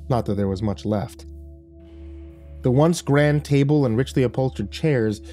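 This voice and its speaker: A man giving scripted narration of a horror story with measured, dramatic storytelling. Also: mid-range voice, mellow, faint music behind.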